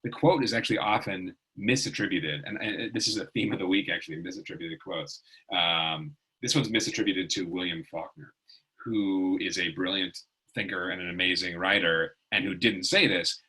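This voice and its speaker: A man's voice: low voice, moderate pace, bright, forceful tone, breathy edge, low-quality recording. A middle-aged man teaching a casual online writing lesson, chatty and rambling, with lots of fillers.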